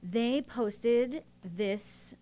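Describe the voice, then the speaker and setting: A woman's voice: fairly high pitch, very slow, warm tone. A woman co-hosting a casual talk show, chatty and self-deprecating, with giggles. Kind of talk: casual chat.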